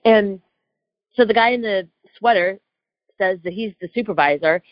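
A woman's voice: mid-range voice, normal speed, dry recording. A woman telling a personal story in a casual, heated way, often asking "right?" and tossing in "like". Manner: chatty, heated, lots of "like" and "right?". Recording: dull lo-fi dry recording.

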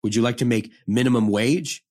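A man's medium-pitched, darkish voice runs a little fast in this lightly acted dramatic monologue. He portrays a hardened young prisoner, bitter and confrontational, speaking profane street talk.

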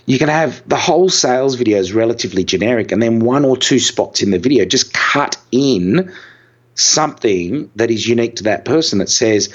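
A man co-hosting a podcast, explaining business ideas in a relaxed, casual way. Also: medium pitch, fairly quick, dull audio. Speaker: podcast co-host.

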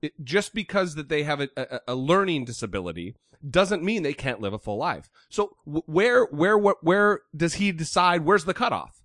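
Man, podcast co-host, blunt, swears a lot, animated pitch, dry close mic. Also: moderate pace, dry recording. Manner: blunt, swears freely, heated rhetorical questions. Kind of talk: casual opinionated chat.

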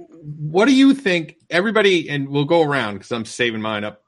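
A man co-hosting a casual podcast chat, talking in an animated, loose way and explaining at length. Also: on the high side, fairly quick, no room sound. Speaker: podcast co-host.

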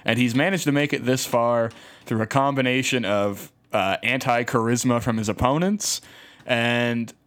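A man's voice: mid-range voice, moderate pace, a bit bright. A Canadian man in his forties co-hosting a casual podcast, delivering opinionated political commentary. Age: 40s. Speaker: co-host.

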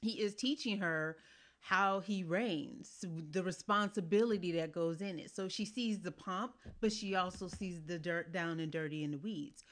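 Bright-voiced woman, blunt and profane. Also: lowish voice, moderate pace. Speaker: podcast co-host. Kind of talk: casual chat about a TV series.

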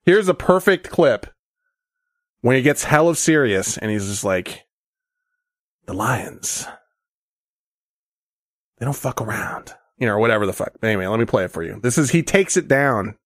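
Brief: male podcast host, mid-pitch, very expressive delivery, casual and crude, dry close sound. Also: a little fast, no echo. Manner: loose, profane banter. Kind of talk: casual chat.

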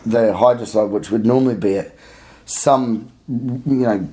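Animated man telling a story. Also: lowish voice, unhurried. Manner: animated, laughing storyteller who acts out voices. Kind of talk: casual storytelling in a podcast chat.

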